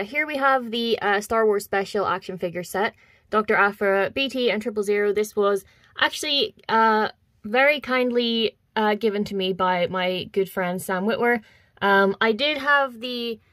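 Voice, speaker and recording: A woman's voice: medium pitch, normal speed, a bit bright, no room sound, studio quality. A young woman casually showing off her collection in a vlog, gushing and enthusiastic with lots of ums and repeated words. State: slightly out of breath. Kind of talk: casual show-and-tell vlog.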